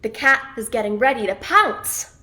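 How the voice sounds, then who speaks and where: A woman telling a children's story in an expressive, animated way. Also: fairly high pitch, normal speed.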